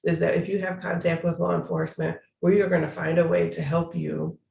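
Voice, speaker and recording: A man's voice: a little high, level tone, brisk, creaky, a little mellow, roomy sound, a little hiss or hum. A man, a city prosecutor, talking earnestly and emphatically in an interview over a video call, repeating phrases for stress.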